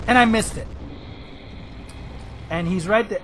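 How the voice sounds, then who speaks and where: A hoarse man giving rambling, excitable commentary over his own gameplay footage, now and then bursting into shouts. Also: high voice, takes it slowly, long pauses, low-quality recording. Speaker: gameplay video host.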